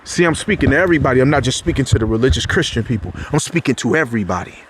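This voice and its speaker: A man giving an impassioned spiritual talk, loose and conversational, with slang and restarts. He climbs sharply in pitch whenever he drives a point home. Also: lively intonation, rapid-fire, noisy background. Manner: preachy, rises sharply in pitch when making a point. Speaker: motivational speaker.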